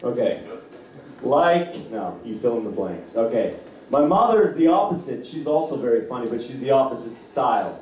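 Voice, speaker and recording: A man's voice: medium pitch, animated, moderate pace, darkish tone, slight background noise. Canadian guy doing stand-up, loose crowd banter, darkish tone, really echoey far-off club sound. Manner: loose, crowd-work banter, acts out voices. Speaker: stand-up comedian. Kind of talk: stand-up comedy set. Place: comedy club. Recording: echoey club heard from a distance.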